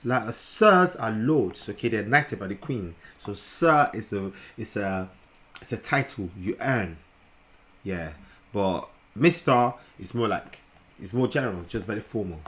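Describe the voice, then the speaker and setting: A man's voice: lowish voice, animated, measured pace, a bit bright. A young Nigerian man with a Nigerian accent, chatting playfully as he reacts to a video. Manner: playful, chatty, laughs often. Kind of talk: casual reaction commentary.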